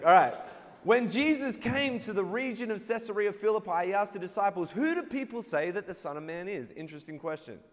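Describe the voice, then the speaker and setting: A man preaching a sermon as a guest pastor, playful and drawing call-and-response from the congregation. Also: high-pitched. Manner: playful, gets the crowd to call back. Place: church auditorium. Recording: long reverb of a large hall.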